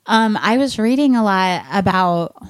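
A woman's voice: mid-range voice, unhurried, clean tone, dry recording. A woman hosting a podcast, talking frankly and casually, with light swearing. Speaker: podcast host.

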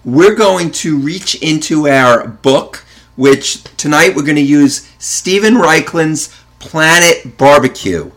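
A man hosting a casual podcast, chatting in a relaxed way and reading a recipe aloud. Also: medium pitch. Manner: relaxed, chatty, self-correcting. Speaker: podcast host.

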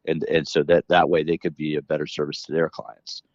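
A man's voice: very deep voice, steady tone, fairly quick, few pauses, dry recording, dull audio. A middle-aged man talking as an interview guest, rambling with many restarts as he explains his work in fitness education. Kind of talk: casual interview conversation.

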